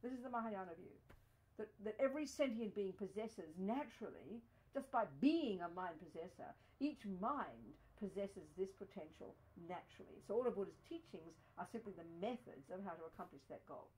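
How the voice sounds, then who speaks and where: A woman's voice: medium pitch, expressive, normal speed, a little mellow, poor audio. A woman giving a Buddhist teaching to a study group, talking emphatically with many "you know"s. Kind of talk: dharma teaching talk.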